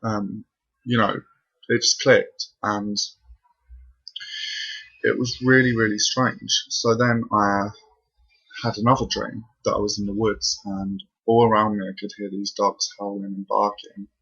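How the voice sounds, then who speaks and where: A young male vlogger tells a spooky story from his bedroom, casually addressing the camera in a breathless, rambling way full of fillers. His lowish voice is creaky and husky yet pushed and bright, with a level tone and measured pace, captured in a dull lo-fi home recording.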